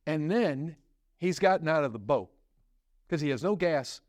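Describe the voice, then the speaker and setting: A male pastor preaching a sermon, asking the congregation direct questions and swinging between hushed low passages and sudden raised ones. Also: expressive, moderate pace, no echo, studio quality.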